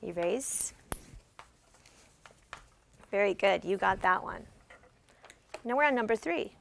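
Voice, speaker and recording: A woman's voice: mid-range voice, lively intonation, moderate pace, vocal fry, fairly bright tone. A woman teacher giving classroom instruction, guiding students step by step with patient questions. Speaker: special education teacher.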